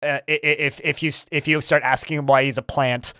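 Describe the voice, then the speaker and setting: A man's voice: on the high side, flat delivery, a little fast, pushed and bright, no room sound, studio quality. Rambling, eager podcast man. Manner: rambling and enthusiastic, with frequent stammered restarts. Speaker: podcast co-host. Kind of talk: casual chat about video games.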